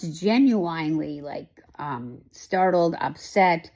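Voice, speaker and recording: A woman talks through a TV show she has been watching, in a loose, casual way. She rambles and restarts often, and her voice sits in a middle pitch. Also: lively intonation, moderate pace. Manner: emotional, rambling, many fillers and restarts. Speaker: host. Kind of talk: casual chat, recapping a TV show.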